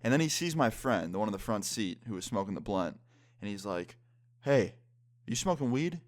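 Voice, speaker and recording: A man's voice: on the low side, expressive, brisk. A man in his twenties telling a story-time vlog in a casual way, swearing often. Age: 20s. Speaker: vlogger.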